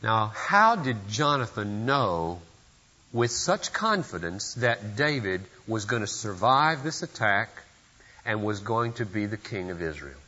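A man's voice: on the low side, big pitch swings, measured pace, sharp tone, in a large hall, dull audio. A man preaching a sermon at a church service, earnest and emphatic, pressing his points with sudden surges of force. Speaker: pastor.

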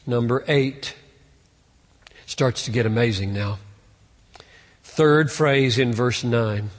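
Male pastor, sermon, deliberate slow delivery, earnest with emphatic swells, long hall reverb. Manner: earnest, rising to emphatic peaks then dropping low. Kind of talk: expository sermon.

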